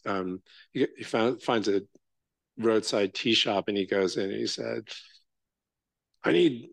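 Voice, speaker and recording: Low-voiced man giving a casual dharma talk. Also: a bit bright, dry recording. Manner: casual, halting, full of fillers and "right?" checks. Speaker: Zen teacher.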